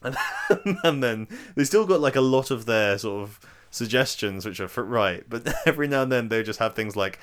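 A man's voice: mid-range voice, lively intonation, normal speed, hardly any pauses, a bit bright, smooth. A young man hosting a casual quiz chat, rambling with lots of fillers and giggles. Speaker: podcast quiz host.

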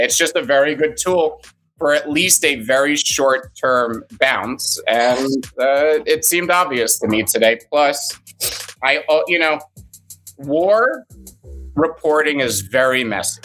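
A man's voice: on the high side, fairly bright tone. A man co-hosting a casual live morning show, explaining trading terms in a rambling, playful way. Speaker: co-host and market commentator. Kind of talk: casual live-stream chat.

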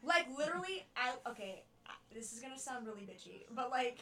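Bright high-voiced woman, blunt and swearing. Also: lively intonation, a little fast, recorded from a distance. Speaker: podcast co-host. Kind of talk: casual chat.

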